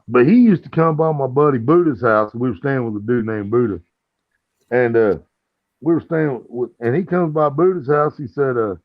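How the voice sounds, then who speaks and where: A man hosting a casual chat, telling profane stories and acting out the other people's lines in a higher voice. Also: expressive, moderate pace, dry recording. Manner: profane, acts out quoted dialogue in a higher voice. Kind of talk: casual storytelling. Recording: dull lo-fi sound.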